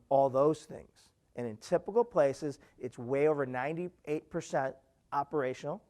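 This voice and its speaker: A man giving a live keynote talk, animated, often asking "right?" and acting out quoted voices. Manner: animated, repeats "right?" to engage the audience; acts out quoted voices with big pitch jumps. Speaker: keynote speaker.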